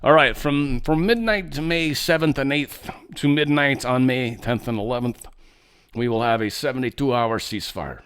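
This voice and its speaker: A man putting on a thick to voice a stern older male leader with slow, measured delivery. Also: mid-range voice, a bit bright, clear, resonant tone, close to an everyday voice.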